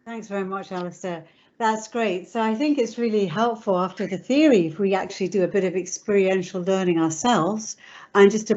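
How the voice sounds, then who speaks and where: A woman psychotherapist leading a guided relaxation exercise over a video call, giving slow, soothing instructions. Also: medium pitch, a little mellow, dull audio.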